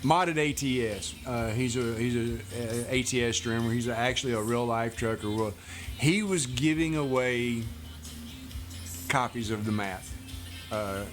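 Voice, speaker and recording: Faint music plays behind a man with a medium-pitched, fairly bright voice as he streams a truck driving game. He keeps things laid-back, chatting casually with viewers and laughing frequently.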